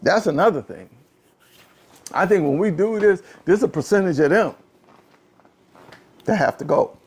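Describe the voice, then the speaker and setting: A man hosting a casual political talk show, ranting in an animated, exasperated way, often repeating phrases and swinging from low muttering to a raised voice. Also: a little slow, husky. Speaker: podcast host. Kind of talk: casual political commentary rant.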